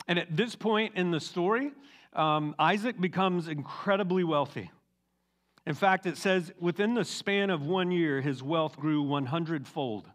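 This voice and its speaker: A middle-aged man, a teaching pastor, retelling a Bible story in a casual, animated sermon full of asides. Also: on the high side, measured pace.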